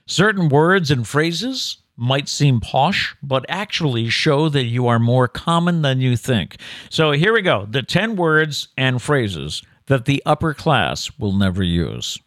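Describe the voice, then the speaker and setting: A man's voice: medium pitch, big pitch swings, slow pace, a bit bright, dry recording, studio quality. A male co-host chatting casually and reading an article aloud, with a mock-formal emphasis on the words he reads out. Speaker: co-host of a daily news show.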